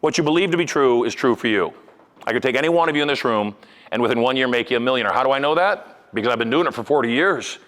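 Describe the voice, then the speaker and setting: An older man giving a live seminar talk as a hypnotist and motivational speaker, with animated, punchy delivery that swings between loud emphasis and low asides. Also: fast talker. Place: large event room with a live audience.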